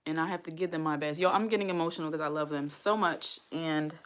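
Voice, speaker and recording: Talking fast in a voice that sits low, an American woman livestreams casually to her viewers as a single-mom vlogger. Her words are heartfelt and earnest, and she repeats points to stress them.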